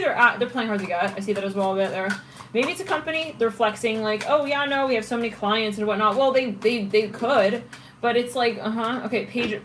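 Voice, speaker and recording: A woman's voice: a little high, a bit bright, a little hiss or hum, low-quality recording. A woman giving a casual tarot reading, thinking aloud and chatting through the cards with frequent restarts. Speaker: tarot reader.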